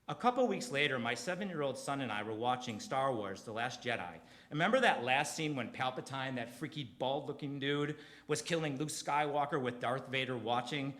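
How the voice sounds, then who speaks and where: A middle-aged man performing a confessional storytelling comedy set on a theater stage, swinging from quiet to loud and emphatic. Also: mid-range voice.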